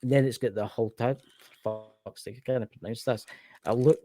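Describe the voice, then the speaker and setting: A man's voice: mid-range voice, normal speed, no room sound, soft background music. Scottish guy on a podcast, dry close sound, worked up and swearing, rattling on. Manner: animated ranting with swearing. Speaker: podcast co-host. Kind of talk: casual chat.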